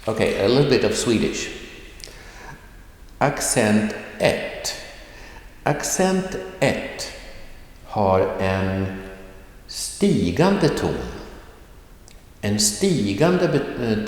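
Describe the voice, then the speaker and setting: A man teaching a recorded video lesson, slowly repeating words so students can hear how they are pronounced. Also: fairly low pitch, heavy reverb, big-room sound. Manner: slow, deliberate, repeats words for pronunciation. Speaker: language teacher. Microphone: whiteboard in hand, camera at a distance.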